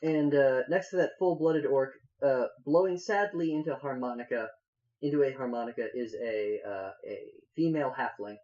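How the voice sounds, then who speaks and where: Mellow man running a tabletop game. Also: medium pitch, lo-fi sound. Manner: halting, many fillers. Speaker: game master.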